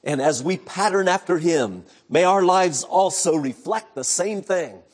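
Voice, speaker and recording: A middle-aged male pastor preaching an earnest sermon, moving between loud emphatic passages and hushed, low storytelling. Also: animated, a little slow. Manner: earnest, preacherly retelling of scripture.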